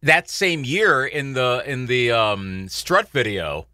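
A male interview host with a bright, lively voice that rises and falls a lot. He talks in a relaxed, chatty way, and the recording is dry and close. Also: medium pitch, slow pace, dry recording. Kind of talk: casual interview chat.

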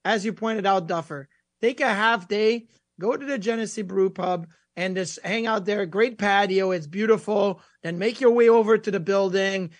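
A man co-hosting a sports radio show, telling stories in an animated way. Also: sits high, moderate pace, dry recording. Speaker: radio co-host. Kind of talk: casual sports radio talk.

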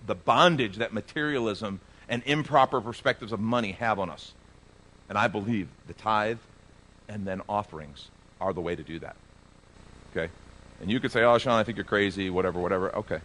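A man preaching a sermon as pastor, earnest, rising loud when he reads scripture. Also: lowish voice, moderate pace.

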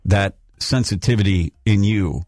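A man's voice: lowish voice, unhurried, darkish tone, dry recording. A man hosting a radio show, interjecting often and soothing his callers. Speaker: radio host. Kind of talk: morning radio banter. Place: radio studio. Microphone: studio mic.

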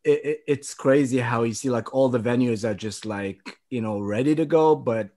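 A comedy producer talks as a podcast guest, moving along in a hesitant way and filling pauses with little fillers. His voice sits in an ordinary middle pitch. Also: warm tone. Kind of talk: casual podcast interview.

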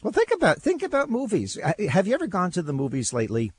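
An older man hosting talk radio, telling stories in casual chat with a husky voice and lots of repeated words. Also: high-pitched, fast talker. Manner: animated storyteller, repeats words, laughs.

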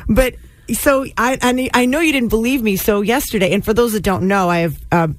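A woman's voice: fairly high pitch, brisk, no echo. A woman co-hosting a morning radio show, chatting casually and laughing easily with her co-host.

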